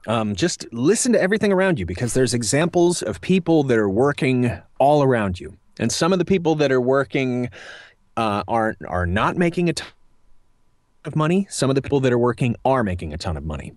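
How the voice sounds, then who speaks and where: A man's voice: medium pitch, no room sound, clean studio sound. A man in his thirties, a voice actor answering interview questions in a rambling, self-deprecating way with many fillers. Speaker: voice actor guest. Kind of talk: casual interview chat.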